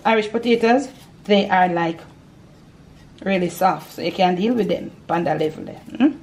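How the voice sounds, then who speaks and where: A woman's voice: fairly low pitch, moderate pace, darkish tone. An older woman with a Jamaican accent hosts a home cooking demonstration, chatty and homely, explaining each step as she works in her kitchen. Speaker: cooking show host.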